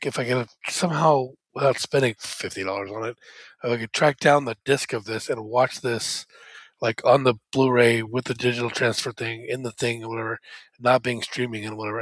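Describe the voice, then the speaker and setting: A man talks in a loose, rambling way on a podcast, full of fillers and restarts. His pitch sits mid-range, and the recording is dry and close. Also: fairly bright tone, dry recording. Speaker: podcast co-host. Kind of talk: casual chat.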